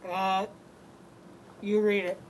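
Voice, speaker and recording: A man co-hosting a game stream, relaxed and thinking aloud as he plays. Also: high-pitched, slow, slight background noise, poor audio. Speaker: co-host. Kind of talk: casual gameplay stream chat.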